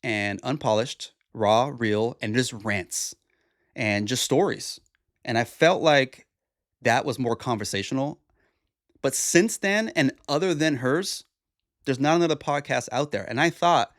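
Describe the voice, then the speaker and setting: A man's voice: medium pitch, a little slow, a bit bright, no room sound, clean studio sound. A tired, groggy young man hosting a solo podcast, talking in a rambling, reflective way with restarts. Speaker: podcast host. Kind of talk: casual solo podcast monologue.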